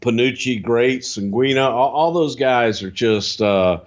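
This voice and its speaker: A man on a casual podcast, animated and swearing freely as he tells a story and slips into quick impressions. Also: dull audio. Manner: animated, swears freely, jumps into high-pitched impressions and singing. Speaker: podcast co-host telling stories.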